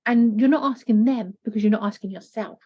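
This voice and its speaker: A woman's voice: on the high side, brisk. Earnest woman coach, lo-fi sound. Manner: earnest, animated when quoting. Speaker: life coach guest. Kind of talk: conversational interview. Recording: dull lo-fi sound.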